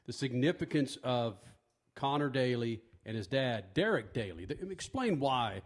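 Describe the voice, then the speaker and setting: A man's voice: mid-range voice, expressive, moderate pace. A man co-hosting a casual chat, prompting others with questions and jokes, with some mild swearing. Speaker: co-host.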